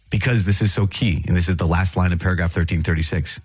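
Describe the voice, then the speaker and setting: Husky low-voiced man teaching earnestly. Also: fast, no echo, soft background music. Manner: earnest, animated storytelling, laughs between phrases. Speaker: priest, podcast host. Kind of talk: podcast teaching on scripture and catechism.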